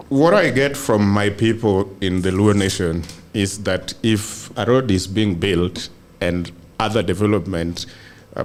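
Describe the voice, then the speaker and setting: Measured Kenyan man on a politics podcast. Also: on the low side. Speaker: political commentator.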